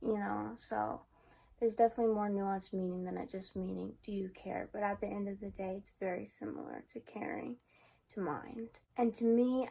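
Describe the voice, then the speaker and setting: A woman's voice: medium pitch, creaky, warm tone. A young woman talking casually to her camera in a vlog, rambling and musing, sometimes exasperated. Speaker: vlogger.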